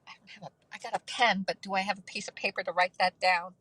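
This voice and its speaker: Bright chatty woman livestreaming. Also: medium pitch, steady tone, fast talker, breathy edge, dry recording, poor audio. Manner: chatty, laughs often, thanks viewers by name. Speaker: livestream host. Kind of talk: casual livestream chat.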